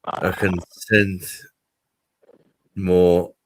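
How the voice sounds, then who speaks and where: A man's voice: low-pitched, little pitch movement, very slow, slight background noise. A man hosting a casual live stream, chatting to viewers and swearing freely.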